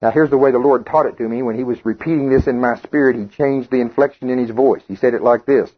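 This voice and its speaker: A man's voice: mid-range voice, quick pace, slightly rough, highs cut off. A man preaching a sermon who reads scripture aloud and then explains it conversationally, joking with the congregation. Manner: jokes with the congregation and calls on people by name.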